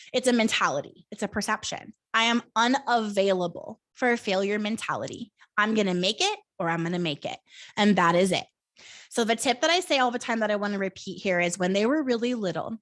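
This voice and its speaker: A woman's voice: on the high side, a bit bright, no room sound. A woman in her thirties hosting a live coaching talk, casual and encouraging, with many fillers. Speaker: host.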